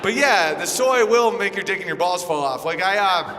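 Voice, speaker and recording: A man performing a crude, animated stand-up set in a comedy club and trading remarks with the crowd. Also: high-pitched, moderate pace. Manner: brash, crude, animated storytelling. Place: comedy club stage before a live audience. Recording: live club recording with hall reverb and crowd noise.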